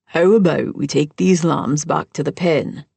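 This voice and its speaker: A woman voicing a calm, practical man in an audiobook. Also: a little high, a little slow, gravelly, slightly rough, no echo, exaggerated voice. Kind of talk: audiobook character voice.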